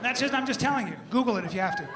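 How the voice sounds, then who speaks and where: A man performing a stand-up set on a comedy club stage, telling animated stories and acting out scenes in different voices. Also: very high voice, rapid-fire, a loud crowd, heavy background noise. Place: comedy club stage before a live audience. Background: audience laughter.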